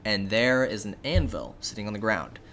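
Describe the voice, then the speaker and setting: A young man casually retelling a fairy tale as a podcast co-host, with relaxed, jokey asides and frequent fillers. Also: lowish voice, normal speed, a little hiss or hum.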